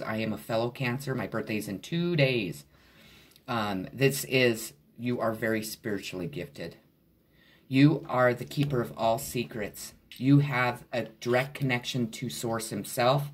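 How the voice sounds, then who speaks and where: A man doing a casual tarot reading, talking straight to the viewer in a blunt, loose way. His pitch sits in an ordinary middle range, and he swears freely as he goes. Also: slightly rough. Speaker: tarot reader. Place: at home.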